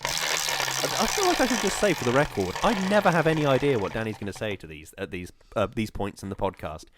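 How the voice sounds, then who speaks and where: A man co-hosting a podcast, telling self-mocking stories in casual, animated banter. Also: mid-range voice, fast, noisy background. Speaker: podcast co-host.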